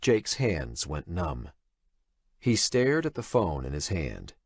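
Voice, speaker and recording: A man narrating an audiobook in a dramatic, expressive reading style. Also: low-pitched, slow, dry recording, studio quality. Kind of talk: scripted narration.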